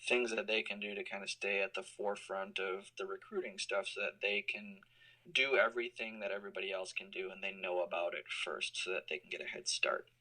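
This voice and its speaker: Heard through a rough call recording, a man in his thirties answers interview questions as an alumni guest who works as a college compliance officer. His voice is lowish with a sharp tone, and his thoughtful explanations are full of fillers.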